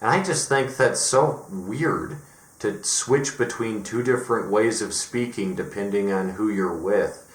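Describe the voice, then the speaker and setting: A man's voice: fairly low pitch, unhurried, reverberant. A man from Colorado giving wry, musing commentary in a casual vlog, talking in run-on asides. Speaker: vlogger.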